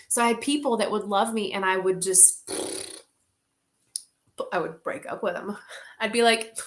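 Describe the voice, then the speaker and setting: A woman's voice: mid-range voice, steady tone, moderate pace, pauses often. A woman leading an online group, talking casually, candid and heartfelt, with many "like"s and the odd swear word.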